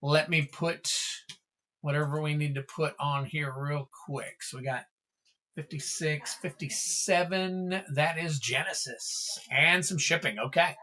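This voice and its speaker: Upbeat guy opening card packs on a livestream, bright voice, chatty. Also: on the high side, unhurried. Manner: upbeat, chatty, thanks viewers by name. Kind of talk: casual livestream chat.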